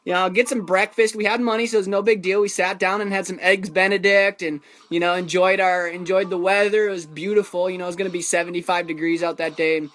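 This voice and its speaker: A man's voice: high-pitched, steady tone, fast, few pauses, fairly bright tone. A man casually telling a story about his own travels, rambling with lots of fillers and chuckles.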